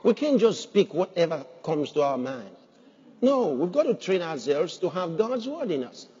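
A man's voice: fairly high pitch, very animated, moderate pace, warm tone, husky. A man preaching a sermon as pastor, emphatic, putting rhetorical questions to his congregation. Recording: dull sound with long hall reverb.

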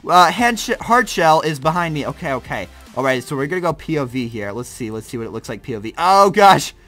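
Young guy doing hyped gameplay commentary, high bright voice, slangy, laughs a lot. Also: a little fast, soft background music. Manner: excitable, slangy, reacts loudly to rides and laughs often. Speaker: gaming YouTuber. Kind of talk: casual let's-play commentary.

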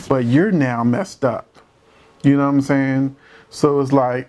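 A man's voice: mid-range voice, a little mellow. A man giving casual, emphatic commentary on a couple's dispute, with rhetorical questions and a struggle not to curse. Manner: holds back from cursing. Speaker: commentator reacting to a court show.

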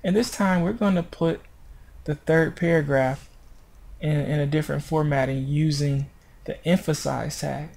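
A man's voice: a little high, fairly even intonation, moderate pace, creaky, a little mellow. A man narrating a screencast tutorial on web design, explaining step by step in an informal way and correcting himself as he goes.

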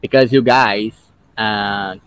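A man's voice: on the low side, steady tone, slow, fairly bright tone, smooth, no echo. A man whose first language is Portuguese, chatting casually in English on a video call, explaining pronunciation and laughing often. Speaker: English learner.

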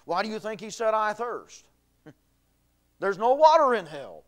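A man's voice: sits high, sing-song, unhurried, pauses often. A male pastor preaching a sermon, reading scripture aloud and building in intensity. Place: church.

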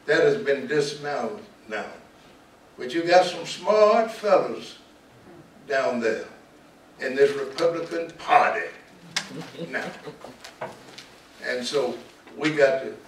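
An older man with a Southern US accent, a pastor speaking to students in a preaching style, repeating key words and slowing down for stress. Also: mid-range voice, fairly bright tone. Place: large auditorium. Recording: echoey hall, distant mic, light noise.

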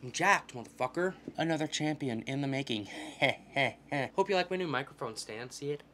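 Profane, excitable young man gaming. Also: mid-range voice, normal speed. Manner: profane, excitable trash talk. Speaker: gaming channel host. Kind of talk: casual gameplay commentary.

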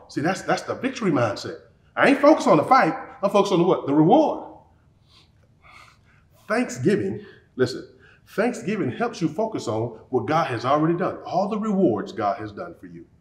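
Animated male pastor in an echoey church. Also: fairly high pitch. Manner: animated preaching with acted-out quotes and frequent laughs. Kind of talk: sermon. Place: church sanctuary.

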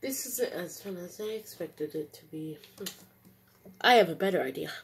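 A woman giving casual gameplay commentary, excitable, squealing and yelling taunts. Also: fairly low pitch, normal speed, gravelly, slight background noise. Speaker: gaming streamer.

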